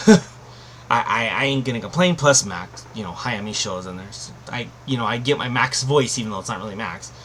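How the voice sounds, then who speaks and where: A man talks through a casual review at a middling pitch, rambling and restarting, then landing hard on emphatic claims. A faint hum of room ambience sits under his voice. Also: expressive, brisk, fairly bright tone. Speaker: anime reviewer.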